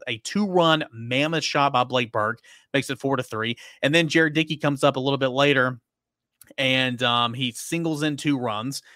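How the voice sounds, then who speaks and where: A man's voice: mid-range voice, no room sound, studio quality. A man giving a casual sports recap as a reporter, telling stories with emphatic repetitions. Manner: animated storytelling, emphatic repetitions.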